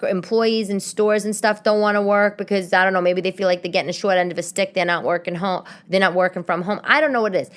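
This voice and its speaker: A woman, rambling casually as a podcast host from her home, with frequent restarts. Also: mid-range voice. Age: late 30s. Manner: chatty, rambling, many restarts. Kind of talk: casual solo podcast chat.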